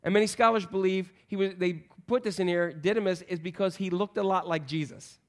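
Pastor guy w a high voice, jokey sermon, keeps asking the crowd stuff. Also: fairly quick. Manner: conversational, joking, quizzes the congregation.

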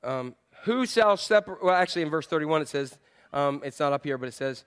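A male pastor preaching a sermon in a church, animated and playful, repeating phrases to drive a point home. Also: medium pitch, quick pace, clear, resonant tone.

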